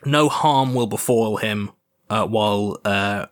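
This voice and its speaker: A man's voice: fairly low pitch, slow pace. A man narrating as game master, easygoing and hesitant with frequent fillers.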